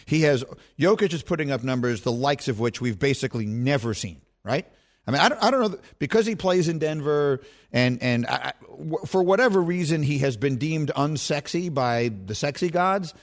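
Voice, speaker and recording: A male sports talk host who debates award votes in a lively, emphatic way. He often breaks off and restarts his sentences, then pushes hard on his point. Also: a little high, moderate pace. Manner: animated, emphatic, self-correcting.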